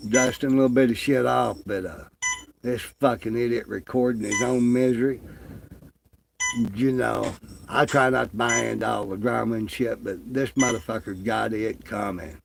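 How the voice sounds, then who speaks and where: A man's voice: mid-range voice, steady tone, normal speed, creaky, background noise. A man ranting in crude, profane, mocking commentary, drawling with lots of fillers. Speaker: online commentator.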